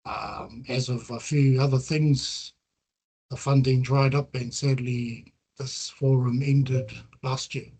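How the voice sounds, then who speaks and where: A man's voice: mid-range voice, steady tone, takes it slowly, gravelly, a little mellow, slightly rough. A middle-aged man with a New Zealand accent gives an earnest, reflective presentation about his research. He weaves Māori terms into his English. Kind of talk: presentation talk with slides.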